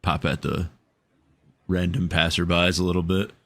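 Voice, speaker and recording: A man's voice: low-pitched, little pitch movement, moderate pace, vocal fry, fairly bright tone. A man co-hosting a podcast, chatting casually with heavy swearing and frequent laughter. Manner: profane, laughs often. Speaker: podcast co-host.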